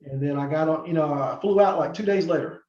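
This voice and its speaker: A middle-aged man tells long stories as a podcast guest, rambling with fillers and restarts. His voice sits fairly high for a man. The sound is roomy and a little muffled. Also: quick pace. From North Carolina, USA. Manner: rambling, many fillers and restarts, acts out quoted people. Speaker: podcast guest, former wrestler. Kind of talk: casual interview storytelling.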